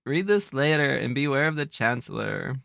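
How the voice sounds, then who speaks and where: A man's voice: mid-range voice, expressive, moderate pace, gravelly, sharp tone, no room sound, clean studio sound, voice pushed up. A man voicing a bubbly teenage valley-girl princess with a ditzy drawl. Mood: secretive.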